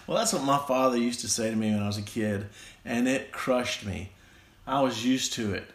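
A man with a Southern American accent telling a rambling, self-deprecating personal story in a halting way, with many restarts. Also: mid-range voice, fairly bright tone, echoey room.

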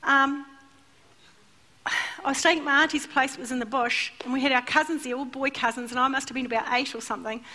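Bright-voiced, animated woman preaching. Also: sits high, brisk. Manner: animated storytelling, acts out voices. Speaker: church speaker. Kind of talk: sermon. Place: church.

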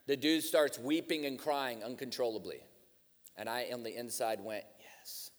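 A man's voice: mid-range voice, moderate pace, long reverb tail, slight background noise. A man preaching a sermon, telling stories and then urging his listeners with rising fervor. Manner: storytelling, building to fervent exhortation. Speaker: guest preacher. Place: church sanctuary.

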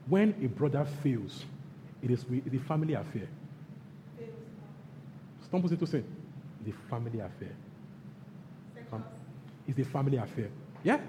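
A man with a Nigerian accent preaching a sermon as pastor, repeating his phrases and swinging between loud bursts and hushed lines. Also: medium pitch, noisy background. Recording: long hall reverb, faint background ambience.

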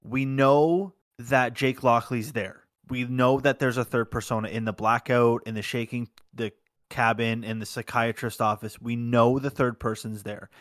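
A man's voice: mid-range voice, fairly even intonation, moderate pace, dry recording. Blunt opinionated man, dry sound. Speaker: podcast co-host. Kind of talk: casual chat.

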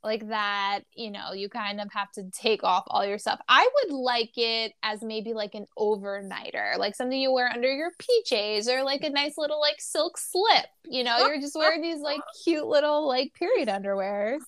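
A woman from New York co-hosting a podcast in casual chat, who swears freely and gets riled up quickly. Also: on the high side, a bit bright, no room sound, clean studio sound. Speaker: podcast co-host.

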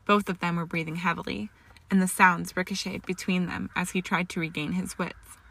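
A woman's voice: on the low side, fairly even intonation, fairly quick, creaky, fairly bright tone. A woman reading a story aloud as narrator, with occasional slips and restarts. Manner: reads dialogue with raised emotion, small slips and restarts. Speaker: fan fiction reader. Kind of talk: audiobook-style story narration.

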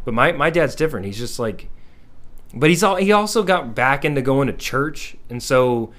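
A man's voice: mid-range voice, lively intonation, normal speed, a bit bright. A man in his thirties in casual podcast chat, blunt and venting, swearing freely.

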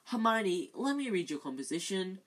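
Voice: mid-range voice, sing-song, a little fast, slightly rough. A reader voicing a frantic teenage boy student who grumbles about his homework. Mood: grumbling. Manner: complaining, desperate.

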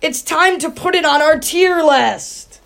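Giggly high-voiced woman podcaster. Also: creaky, a bit bright. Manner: giggly and quick-talking. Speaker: podcast co-host. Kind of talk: casual chat.

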